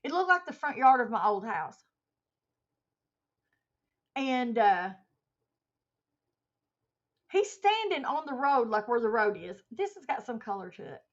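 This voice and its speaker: A woman hosts a casual livestream, spinning an animated story and answering chat comments along the way. Her voice sits a touch high. The audio is dull and muffled, like a basic stream mic. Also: measured pace, pauses often. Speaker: livestream host.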